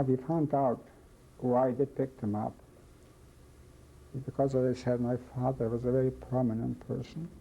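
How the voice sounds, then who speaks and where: An older man from Czechoslovakia, telling his life story in an oral history testimony, halting and slow, repeating phrases as he remembers. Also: medium pitch, creaky, mellow, slightly rough. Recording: dull lo-fi recording, faint hiss.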